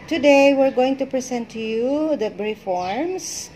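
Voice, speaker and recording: A middle-aged woman with a Filipino accent, teaching a shorthand lesson and deliberately spelling out letters one by one. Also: sits high, animated, warm tone, a little hiss or hum. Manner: slow, deliberate spelling out of letters with code-switching. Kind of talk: instructional lesson.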